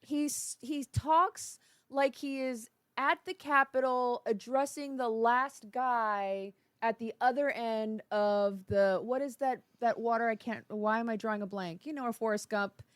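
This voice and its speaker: A woman's voice: fairly high pitch, steady tone, measured pace, clear, resonant tone, no room sound, clean studio sound. A woman who is the host's partner, joining the radio show as a guest and teasing him playfully in casual banter. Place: radio studio.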